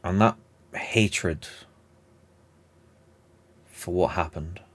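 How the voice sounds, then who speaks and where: A man narrating a tabletop game as game master in a measured, descriptive way. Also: low voice.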